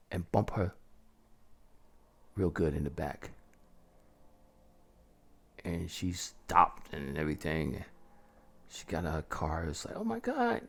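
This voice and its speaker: A man telling a first-person horror story in a slow, menacing, often half-whispered gravelly voice. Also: sits low.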